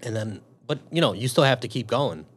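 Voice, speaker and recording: A man's voice: mid-range voice, fairly quick, slightly rough. A man telling a story in casual chat, swearing often and acting out his own thoughts. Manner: profane, animated storyteller.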